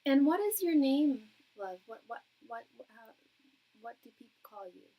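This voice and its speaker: A young woman hosting a live tarot reading stream, chatting casually and warmly with her viewers, with frequent ums and soft laughs. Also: sits high, big pitch swings, measured pace, dull audio. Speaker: tarot reader and livestream host. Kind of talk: casual livestream chat with viewers.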